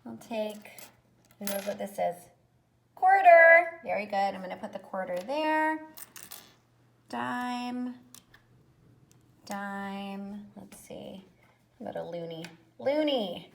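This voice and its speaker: A woman music teacher giving an online lesson to young children, cheerful and encouraging, speaking slowly and clearly. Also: mid-range voice, slight background noise.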